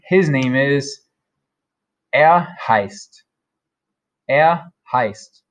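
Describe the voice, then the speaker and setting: A man teaching German vocabulary, repeating each word slowly and carefully. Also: mid-range voice. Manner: slow, careful modeling of German words. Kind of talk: vocabulary lesson.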